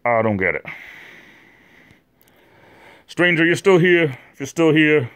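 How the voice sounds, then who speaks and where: A man's voice: a little high, animated, slow pace, a bit bright, clean tone. A man from New England hosting a casual livestream, rambling and chatty, with many fillers and repeated words, talking to viewers in the chat by name. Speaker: livestream host.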